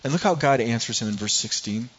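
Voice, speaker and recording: A man's voice: mid-range voice, quick pace, fairly bright tone, husky, muffled recording. A man preaching a sermon as a pastor, earnest and asking rhetorical questions.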